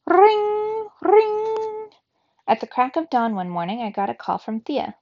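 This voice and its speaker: A woman's voice: a little high, fairly quick, vocal fry, a little mellow, no room sound. A woman reading a children's story aloud with expression for young students. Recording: dull, lo-fi, dry.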